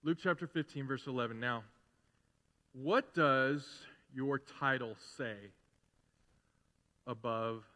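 A middle-aged man preaching a sermon as pastor in a conversational way, building to loud, emphatic repetition. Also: medium pitch, slow, pauses often. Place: church sanctuary. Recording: long hall reverb in a church.

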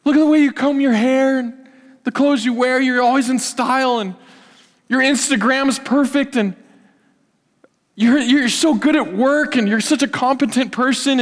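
A man voicing a gushing flatterer who heaps over-the-top praise during a sermon. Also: very high voice, long reverb tail, voice pushed up.

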